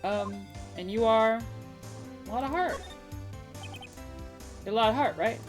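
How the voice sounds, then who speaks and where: A woman's voice: a little high, takes it slowly, faint music behind, voice pushed up. A woman voicing an earnest young male defense lawyer in a plain, mildly wry way, reading game dialogue. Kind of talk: game dialogue read aloud.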